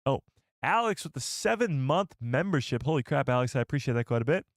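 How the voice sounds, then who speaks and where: A man hosting a casual live stream, excitable and rambling as he reads the chat. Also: medium pitch, a little fast, no echo, studio quality.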